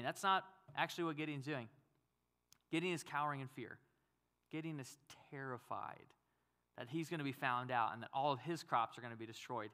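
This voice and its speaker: A man's voice: medium pitch, fairly quick, bright, forceful tone. A male pastor giving a conversational sermon, acting out quotes and asking the audience questions.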